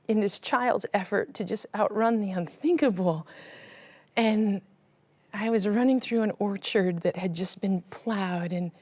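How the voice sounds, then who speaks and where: A woman's voice: medium pitch, no echo. Woman telling an emotional testimony, dry sound. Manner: earnest, drops to a hushed whisper at painful moments. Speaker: guest sharing her testimony.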